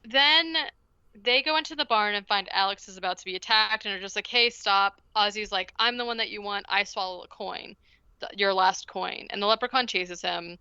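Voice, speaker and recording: A woman's voice: medium pitch, moderate pace, sharp tone, clean tone, dry recording, highs cut off. A woman co-hosting a podcast, recapping a film in casual chat and acting out the characters' lines with energy. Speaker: podcast co-host.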